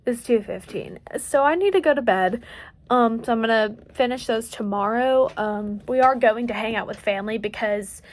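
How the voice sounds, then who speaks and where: A woman's voice: on the high side, normal speed. An eighteen-year-old woman with a light Southern US country accent, rambling and joking through a casual late-night crochet vlog at home. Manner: rambling, chatty, self-joking. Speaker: crochet vlogger.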